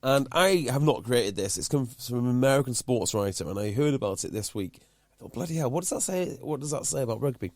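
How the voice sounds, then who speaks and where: A man's voice: mid-range voice, expressive, fast talker, few pauses, a little mellow, dry recording, clean studio sound. A man, a podcast host talking casually and explaining a point at length. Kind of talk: casual chat.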